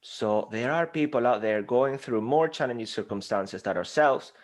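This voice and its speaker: Spanish-accented guy being interviewed, energetic, punchy, leans hard on his points. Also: mid-range voice, moderate pace. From Spain. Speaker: guest speaking coach. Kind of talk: interview conversation.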